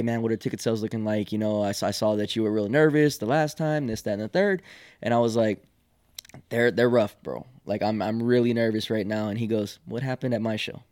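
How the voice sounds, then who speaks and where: A man's voice: on the low side, a little mellow, dry recording, studio quality. A male podcast co-host who produces comedy shows, chatting in a laid-back way and swearing casually.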